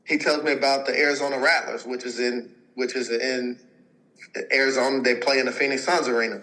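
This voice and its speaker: The audio is poor as a twenty-something pro football player, a guest on a podcast, casually rambles through a long story about himself. His mid-range voice is steady, fairly quick, bright and forceful, and he uses lots of fillers and acts out what other people said.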